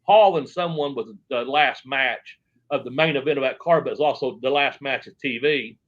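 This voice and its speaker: A man's voice: mid-range voice, moderate pace. Rambling man in a dull lo-fi recording. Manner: rambling, filler-heavy, acts out quotes. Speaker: former pro wrestler, interview guest. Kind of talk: shoot interview storytelling.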